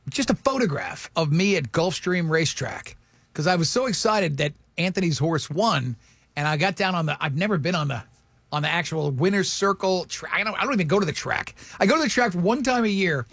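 A man's voice: sits high, gravelly, a bit bright, no room sound. A man hosting a radio show, bantering with co-hosts and reading listener comments aloud.

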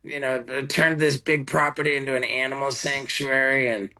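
A man talking as a guest over a video call, halting and full of fillers as he tells a story. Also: medium pitch, level tone, pushed and bright, poor audio. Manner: halting, lots of fillers and restarts, laughs along.

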